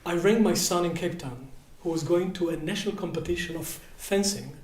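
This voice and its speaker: A man leading a seminar workshop, telling personal stories in an animated way and acting out the dialogue, with big swings between soft and loud. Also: high voice, a little fast, reverberant. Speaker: workshop leader. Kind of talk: storytelling seminar talk. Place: seminar room at a retreat house.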